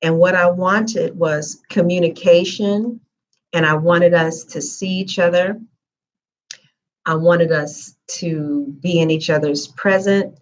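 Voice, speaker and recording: A woman giving a tarot reading in a casual, chatty live-stream manner with lots of fillers. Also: lowish voice. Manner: chatty, conversational, frequent fillers. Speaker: tarot reader.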